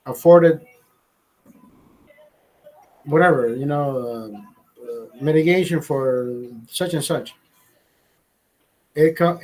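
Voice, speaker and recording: Rambling, profane man with a higher voice. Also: rough recording. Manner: rambling, profane, animated storytelling. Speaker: livestream host. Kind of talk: casual late-night livestream chat.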